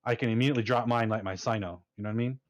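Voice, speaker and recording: A man's voice: mid-range voice, steady tone, very fast, lo-fi sound. A man in a casual panel discussion, speaking emphatically and often checking in with "right?". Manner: emphatic, keeps adding "right?". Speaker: panel guest, fleet commander.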